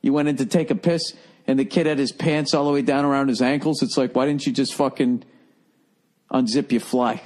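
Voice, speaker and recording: A man's voice: medium pitch, steady tone, fairly quick, a little mellow. Profane rambling male podcast host. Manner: profane, wry, self-mocking storytelling. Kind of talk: casual rambling monologue.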